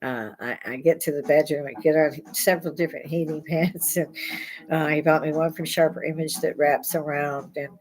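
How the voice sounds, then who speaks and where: A woman's voice: low voice, fairly even intonation, moderate pace, a little mellow, rough recording. An older woman hosting her own podcast, chatting in a rambling, blunt way and laughing often. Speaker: podcast host. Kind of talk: rambling casual monologue.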